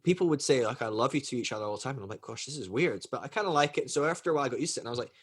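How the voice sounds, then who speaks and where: A man from the UK hosting a casual podcast chat with family, telling stories in an animated, laughing way. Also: medium pitch, rapid-fire, breathy edge. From United Kingdom. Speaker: podcast host.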